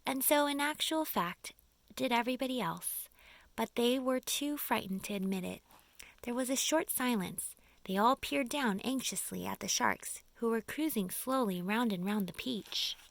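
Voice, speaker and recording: A woman's voice: fairly high pitch, normal speed, gravelly, no echo. A woman reading a children's audiobook expressively, dropping to a whisper for suspense. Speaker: audiobook reader.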